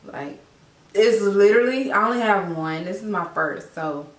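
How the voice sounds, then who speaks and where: A woman's voice: medium pitch, lively intonation, normal speed. A young woman telling a heartfelt personal story to camera, tearful and repeating herself with many fillers. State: teary, crying. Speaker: vlogger, new mother. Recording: echoey room, voice a bit far from the mic.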